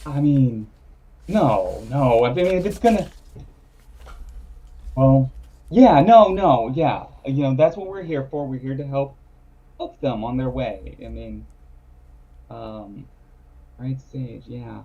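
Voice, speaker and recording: Husky, mellow male player. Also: mid-range voice, expressive, low-quality recording. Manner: hesitant, halting. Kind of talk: casual tabletop game play.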